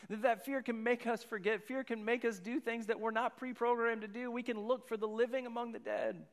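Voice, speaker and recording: Man, pastor, high voice, rambling storyteller, echoing church hall. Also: steady tone, brisk. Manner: rambling storyteller, repeats words. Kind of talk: sermon with personal story. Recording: long hall reverb.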